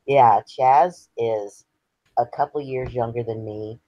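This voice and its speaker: A man's voice: mid-range voice, steady tone, takes it slowly, no echo, highs cut off. A man, earnestly sharing his personal story as an interview guest. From Texas. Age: 50s. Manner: earnest, candid and reflective.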